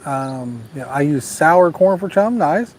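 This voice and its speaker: A man's voice: a little high, lively intonation, takes it slowly, slight background noise. A man hosting a live fishing stream outdoors at night, reading out viewer comments in a folksy, joking, laid-back way. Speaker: fishing channel host.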